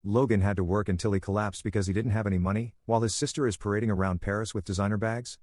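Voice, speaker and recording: A man's voice: lowish voice, fairly even intonation, rapid-fire, no room sound, clean studio sound, natural voice. A man reading a stern angry father. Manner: presses with sharp questions. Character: stern middle-aged father, angry and firm.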